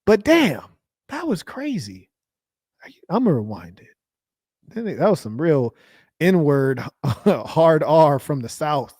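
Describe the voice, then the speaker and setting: A man with a fairly high voice hosts a reaction commentary, joking and mocking as he talks. The sound is dry and close, with no room echo. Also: big pitch swings, slow, a little mellow, husky. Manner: joking, mocking, laughs often. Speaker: host reacting to a clip. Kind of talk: casual commentary.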